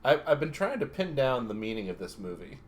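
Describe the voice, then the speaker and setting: A man chats on a casual podcast, throwing in reactions and laughing asides. His voice sits mid-range but swings widely in pitch, so he sounds animated. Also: a little fast. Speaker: podcast co-host. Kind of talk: casual chat.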